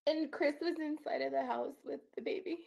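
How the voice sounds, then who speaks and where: A woman's voice: high-pitched, fairly even intonation, a little fast, vocal fry, mellow. A woman guest on a call-in show, telling her own story in an earnest, tearful way. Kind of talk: emotional first-person account.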